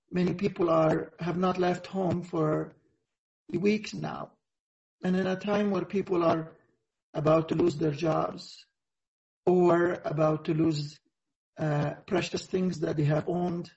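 A man preaching a sermon over a video call, earnest and reflective, pausing often. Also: high voice, fairly even intonation, gravelly, darkish tone, lo-fi sound. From Egypt. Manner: earnest, reflective, halting with frequent pauses.

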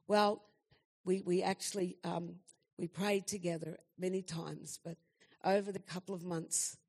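A woman's voice: lowish voice, flat delivery, unhurried, darkish tone. A woman in her sixties giving an earnest, heartfelt spoken testimony to a church gathering.

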